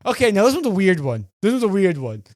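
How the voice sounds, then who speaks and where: A man's voice: sits high, big pitch swings, fast, darkish tone, no room sound, clean studio sound. A man cohosting a casual comedy podcast, giggling and teasing as he reads out listener posts. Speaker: podcast co-host.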